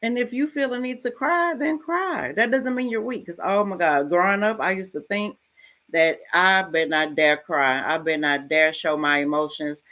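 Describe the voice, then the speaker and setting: A middle-aged woman hosting a podcast, giving a frank, casual motivational talk and telling stories with lively ups and downs and some mild swearing. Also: on the low side, normal speed. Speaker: podcast host.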